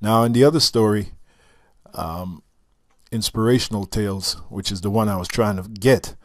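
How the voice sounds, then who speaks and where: A man reading a story aloud and breaking off for halting, chuckling commentary. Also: lowish voice, no echo, studio quality. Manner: halting asides, restarts and chuckles between read passages. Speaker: reader and teacher.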